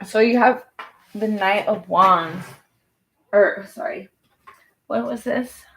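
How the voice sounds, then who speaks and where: Woman doing a tarot reading, kinda rambly, lots of "like", normal pitch. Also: takes it slowly, a bit bright, a little hiss or hum. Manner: chatty, rambling, many "like" fillers. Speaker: tarot reader. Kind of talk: casual tarot reading to camera.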